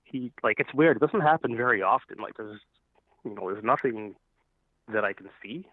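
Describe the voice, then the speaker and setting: A man phones in to share an eerie experience at home, stumbling over his words with plenty of fillers. His voice sits low and comes through a thin, phone-like line. The sound is dry, with no room around it. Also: no room sound. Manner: halting, nervous storytelling with many fillers. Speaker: caller. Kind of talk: phone-in ghost story.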